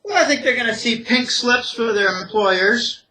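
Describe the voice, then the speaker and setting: High, bright-voiced man warning emphatically. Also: normal speed, low-quality recording. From Greater Pittsburgh, USA. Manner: emphatic, warning, repetitive "I think" phrasing. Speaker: interview guest, economic analyst. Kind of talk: opinionated interview talk.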